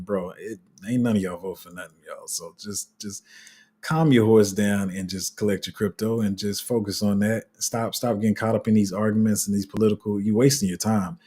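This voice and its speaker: Chatty low-voiced host with a husky edge. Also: male voice, a little fast. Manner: chatty, animated, acts out quotes, trails off and restarts. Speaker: crypto channel host. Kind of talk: casual commentary to viewers.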